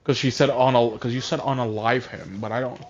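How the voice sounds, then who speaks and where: A man's voice: mid-range voice, steady tone, close to an everyday voice. A man doing a dim piglin general. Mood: hesitant. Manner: hesitant, halting. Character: blundering male piglin general, dim but agreeable. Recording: dull lo-fi audio.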